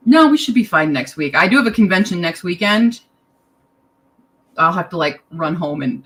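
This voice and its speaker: A young woman leads a casual online lesson in a bright voice at an unhurried pace. She sounds tired and chatty, drifting into side remarks and making fun of herself. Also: lowish voice, poor audio. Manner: chatty, self-deprecating, drifts into asides and laughs. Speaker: language teacher.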